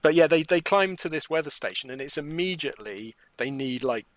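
A man's voice: a little high, animated, brisk, low-quality recording. A man co-hosting a casual chat about a TV show, chatty and jokey, acting out quotes. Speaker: podcast co-host.

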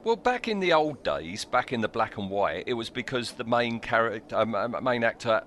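A man's voice: medium pitch, sing-song, normal speed, a bit bright, a little hiss or hum. A man co-hosting a podcast, dry and wry, reading out his own notes in casual chat. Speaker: podcast co-host. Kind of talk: casual chat reviewing an old TV episode.

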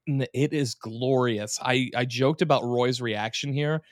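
A man's voice: mid-range voice, measured pace, dry recording, studio quality. A man co-hosting a casual podcast, animatedly recapping an episode with swearing and silly voices. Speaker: podcast co-host.

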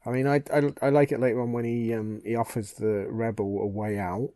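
A relaxed man talks on a fan podcast with a mellow, dark tone at a middle pitch. He is agreeable and thoughtful and agrees often with his partner. The recording is dry and close. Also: fairly quick, dry recording. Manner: agreeable, thoughtful, many yeahs. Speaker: podcast co-host. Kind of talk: casual fan discussion.

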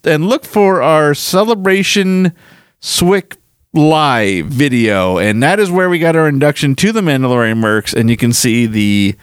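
A man's voice: a little high, smooth, dry recording, studio quality. A man hosting a podcast in casual chat, rambling and self-deprecating as he goes through listener mail. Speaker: podcast host.

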